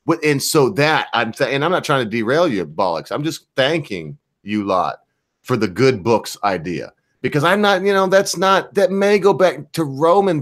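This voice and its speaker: Male co-host, mid-range voice, foul-mouthed rants in loose banter. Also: medium pitch. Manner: profane, ranting. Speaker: podcast co-host. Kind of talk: casual chat.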